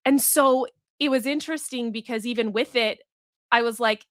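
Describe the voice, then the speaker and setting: A woman's voice: fairly high pitch, moderate pace, dry recording, studio quality. A woman hosting a solo podcast, telling a story in an earnest, reflective way and acting out the voices she quotes. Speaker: podcast host and business coach.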